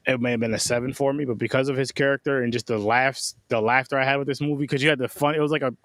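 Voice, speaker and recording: A man's voice: medium pitch, rapid-fire, no echo. Guy cohosting a movie podcast, hypes stuff up, cusses a lot, dry close mic. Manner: excitable, swears freely. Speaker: podcast co-host. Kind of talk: casual movie review chat.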